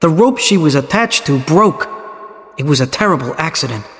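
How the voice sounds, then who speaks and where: Brief: a man playing a brisk male producer, slightly raised pitch, long reverb. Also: lively intonation, a bit bright. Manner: explaining, businesslike.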